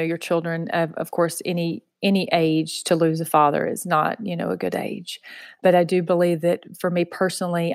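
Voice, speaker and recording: A woman's voice: lowish voice, creaky, dry recording, studio quality. A woman with a Southern US accent, earnestly telling her personal story in an interview, with lots of "you know.". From Texas. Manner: soft-spoken, earnest, heavy use of "you know". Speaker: interview guest.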